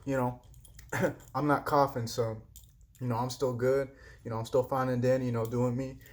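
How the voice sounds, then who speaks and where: A man's voice: medium pitch, level tone, moderate pace. A young man giving a frustrated personal rant in a vlog, heated and repetitive, swearing freely. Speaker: vlogger.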